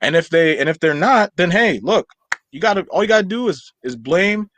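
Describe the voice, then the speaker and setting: A man's voice: sits high, expressive, fairly quick, a bit bright, no echo. A young man co-hosting a podcast in casual chat, talking animatedly and rambling with lots of fillers. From Nigerian household. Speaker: podcast co-host.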